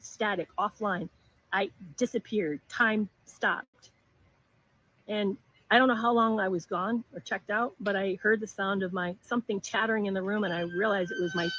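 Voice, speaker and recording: A middle-aged woman telling a personal story in an earnest, halting way, often restarting her sentences. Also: medium pitch, a bit bright, dry recording, poor audio.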